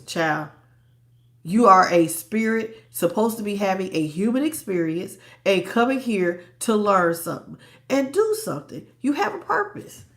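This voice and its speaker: Blunt, preachy woman doing a live tarot reading. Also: mid-range voice. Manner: blunt, preachy, slangy, greets chat viewers. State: stuffed up. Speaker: tarot reader.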